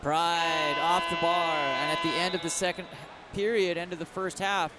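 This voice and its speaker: Male play-by-play commentator, slightly high voice, brisk, shouts the big plays, loud noisy venue. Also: level tone. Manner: brisk, calls plays with sudden raised bursts. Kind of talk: live sports commentary. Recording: loud background noise.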